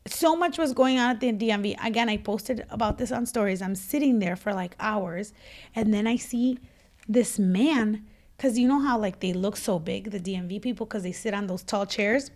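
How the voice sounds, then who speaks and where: A woman telling a funny story in a casual chat, animated and laughing, acting out what people said. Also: mid-range voice, normal speed. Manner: animated, laughing, acts out quotes.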